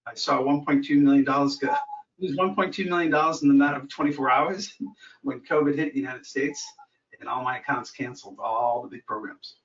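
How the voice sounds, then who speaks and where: A man's voice: mid-range voice, a bit bright. Chatty man on an echoey, distant line. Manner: chatty, self-deprecating, storytelling. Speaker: caller, new coaching client. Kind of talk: casual conversation. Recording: echoey, dull sound from a distant mic.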